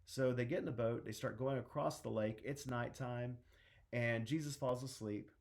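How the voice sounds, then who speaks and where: A middle-aged minister preaches in a loose, conversational way, with restarts and acted-out quotes along the way. His voice has a gravelly, creaky grain at an average male pitch. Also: steady tone, moderate pace. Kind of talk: sermon.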